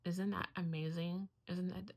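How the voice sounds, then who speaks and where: A woman's voice: on the low side, level tone, measured pace, a little mellow. A middle-aged woman, a homeschooling mother, talking in a heartfelt, earnest way in a casual vlog, close to tears at times.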